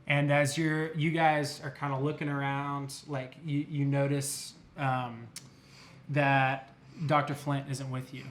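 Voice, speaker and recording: A man's voice: mid-range voice, flat delivery, takes it slowly, slight background noise. A young man narrating a tabletop game as game master, hesitant with many fillers and restarts.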